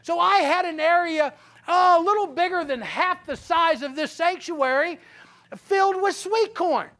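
Male preacher, unhurried sermon delivery, animated storyteller turning to quiet earnest teaching. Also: very high-pitched. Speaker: pastor. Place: church sanctuary.

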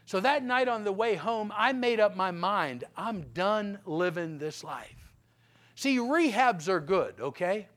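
A man with a strikingly high voice tells his life story from the pulpit. He is folksy and direct, keeps checking in with the crowd, and drops to low, serious tones for the hard parts. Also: a little slow. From Pennsylvania. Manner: animated storyteller, swings from loud punchlines to low grave tones; folksy, talks straight to the audience with "okay?". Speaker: guest speaker giving a testimony. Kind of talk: testimony sermon, storytelling.

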